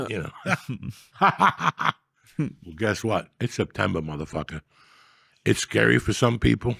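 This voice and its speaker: A man hosting a podcast, telling stories in a profane, loud, animated comedic rant. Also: fairly low pitch, measured pace, vocal fry, pauses often, breathy edge, dry recording, studio quality. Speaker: podcast host.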